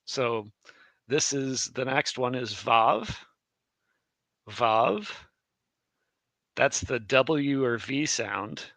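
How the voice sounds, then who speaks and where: A man's voice: mid-range voice, extremely slow, gravelly, pauses often, a bit bright, no room sound. A man teaching a live Hebrew alphabet lesson in a chatty way, correcting himself as he goes. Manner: chatty, self-correcting, laughs easily.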